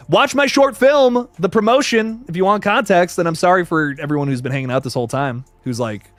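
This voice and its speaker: A young man talks through a livestream with excitable, profane energy, reading out viewer comments and reacting on the fly. His voice sits a little high and swings widely in pitch. The sound is dry and close, with no room around it. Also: brisk, no echo. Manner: excitable, profane, reads chat comments aloud. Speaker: horror movie reviewer on livestream. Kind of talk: casual livestream chat.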